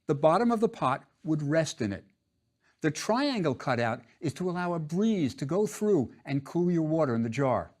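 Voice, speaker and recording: A man's voice: a little high, big pitch swings, moderate pace, a little mellow. A man teaching a drawing lesson, patient and step by step, repeating each instruction.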